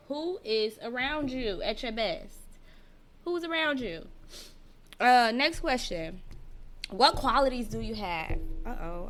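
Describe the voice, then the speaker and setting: A woman with a bright, ringing voice hosts a loose live-stream chat for her podcast. She talks straight to her viewers, reads their comments aloud and laughs often. Her delivery is animated. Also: fairly high pitch, vocal fry. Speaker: podcast host; teacher. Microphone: personal mic.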